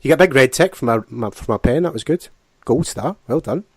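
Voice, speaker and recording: A man's voice: medium pitch, animated, brisk, darkish tone, husky. A man hosting a podcast interview, teasing his guest in matey banter.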